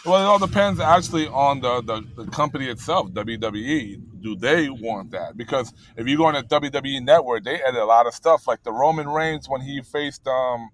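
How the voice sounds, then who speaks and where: A man's voice: medium pitch, expressive, brisk, few pauses, a little hiss or hum, low-quality recording. A man in casual chat about wrestling, rambling with many fillers and blunt, profane talk. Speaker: podcast co-host.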